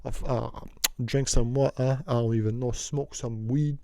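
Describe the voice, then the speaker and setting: A man's voice: medium pitch, steady tone, unhurried, gravelly, dark tone, dry recording, clean studio sound. A young man telling a rambling, slang-heavy story in a casual vlog, often repeating and circling back. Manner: slangy, meandering, repeats himself.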